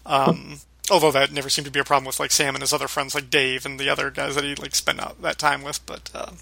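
A man's voice: mid-range voice, level tone, fast talker, creaky, sharp tone, no echo. A man co-hosting a podcast, talking in a casual, rambling way with lots of fillers and restarts. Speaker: podcast co-host.

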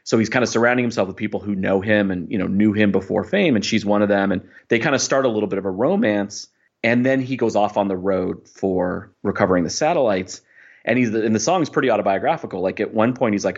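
A man's voice: fairly low pitch, fast talker, husky, highs cut off. A man hosting a podcast, talking about a favorite song in a reflective, rambling way with many fillers. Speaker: podcast host. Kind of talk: casual music discussion.

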